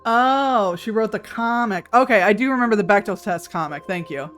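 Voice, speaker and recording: A woman's voice: medium pitch, normal speed, fairly bright tone. Chatty woman streamer over faint music. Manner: chatty, laughs often, reads chat aloud. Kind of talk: casual chat with viewers. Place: home room.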